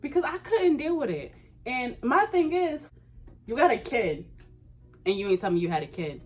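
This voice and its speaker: Animated young woman telling a storytime. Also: a little high, normal speed, faint music behind. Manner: animated, slangy, emphatic. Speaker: vlogger. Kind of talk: casual storytime.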